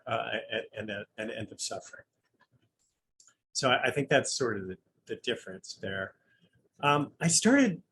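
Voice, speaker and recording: A man of middle pitch gives an informal Zen dharma talk, thinking aloud in an easygoing, conversational way. He muses his way through ideas and slips in gentle humor. A faint hum sits under his voice. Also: low-quality recording. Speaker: Zen Buddhist priest giving a dharma talk.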